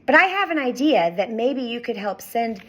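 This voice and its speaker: A woman reading the lines of a shy, earnest schoolgirl in a soft, sincere way. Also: on the high side, big pitch swings, moderate pace.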